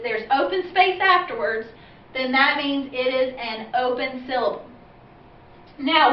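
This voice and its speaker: Female second-grade teacher, high voice, careful explainer; echoey room with light hiss. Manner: slow, clear explaining with spelled-out letters. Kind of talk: instructional video for parents. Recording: roomy, distant, dull lo-fi sound with faint hiss.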